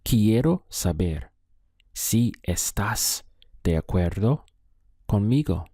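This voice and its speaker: A man teaching a Spanish lesson, prompting the learner and then giving each answer slowly and deliberately. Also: fairly low pitch, expressive, warm tone, no echo, clean studio sound. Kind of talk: slow spoken language lesson.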